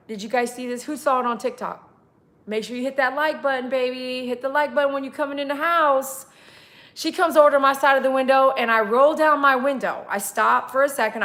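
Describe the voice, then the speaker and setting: Woman, high and bright, animated livestream storyteller who acts out every line of dialogue. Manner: animated, laughing, acts out dialogue with big pitch jumps. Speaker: pet groomer telling a story to viewers.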